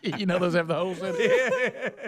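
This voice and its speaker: A man's voice: sits high, huge pitch swings, normal speed, a loud crowd. A man hosting a radio talk show, joking and rambling in casual chat.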